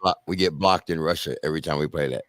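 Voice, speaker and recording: A man co-hosting a podcast, making laid-back, drawn-out remarks in casual chat. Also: very deep voice. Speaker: podcast co-host.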